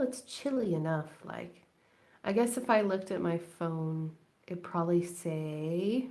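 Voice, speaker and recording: A woman's voice: on the low side, vocal fry, darkish tone. A woman hosting a late-night crafting live stream from home, rambling and chatty and laughing often. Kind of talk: late-night casual chat while crafting. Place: at home indoors.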